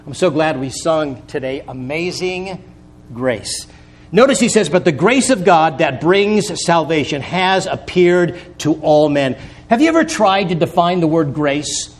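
A man with a high voice preaches a sermon in an earnest, storytelling way. He builds to emphatic peaks on key words and drops in folksy asides between them. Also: expressive, unhurried.

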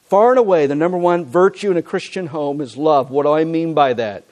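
A man preaching to his congregation, his voice sitting a bit high for a man. He presses hard on key points and then drops to quiet, confiding asides. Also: fairly quick. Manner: earnest preaching, swings from loud emphasis to quiet asides. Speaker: pastor. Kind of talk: sermon. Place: church.

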